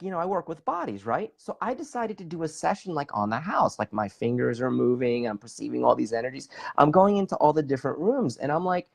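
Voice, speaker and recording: A man's voice: a little high, gravelly. A middle-aged man, a bodywork practitioner, telling an enthusiastic story in an interview with many fillers. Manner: enthusiastic, talks with his hands, lots of fillers. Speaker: guest, bodywork practitioner and facilitator.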